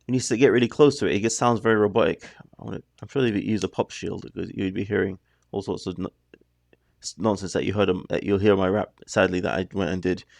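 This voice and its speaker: A man's voice: deep voice, fairly even intonation, fast, gravelly, a little mellow, dry recording. A man hosting a reaction video, talking through the music in a chatty, rambling way that keeps breaking off mid-thought. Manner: chatty, rambling, self-interrupting. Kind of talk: casual rambling commentary.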